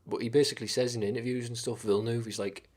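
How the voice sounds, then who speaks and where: A man's voice: mid-range voice, little pitch movement, fast talker, darkish tone. A man streaming live, chatting casually about films, with lots of swearing and rambling enthusiasm.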